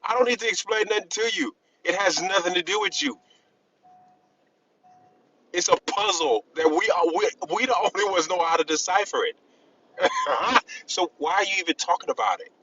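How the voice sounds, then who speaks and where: A man in a casual group discussion, talking in a rambling, halting way with many restarts and emphatic bursts. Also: high-pitched, lively intonation, sharp tone, muffled recording, slight background noise. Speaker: discussion panelist.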